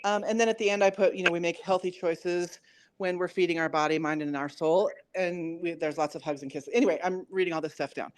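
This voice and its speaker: A woman's voice: lowish voice, steady tone, brisk. A woman chatting casually as a coaching client, telling a story and quoting herself and her son. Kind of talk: casual conversation.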